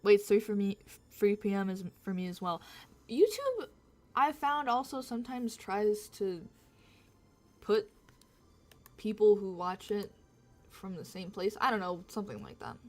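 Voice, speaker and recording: Woman streamer, rambling and self-mocking, soft music underneath. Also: mid-range voice, normal speed. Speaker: livestreamer. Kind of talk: casual chat with stream viewers.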